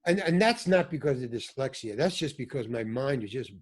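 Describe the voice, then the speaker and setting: A man, an older actor, telling animated stories as a podcast guest and acting out what others said. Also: mid-range voice, brisk. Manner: animated storyteller, acts out quoted voices. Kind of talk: storytelling in a podcast interview.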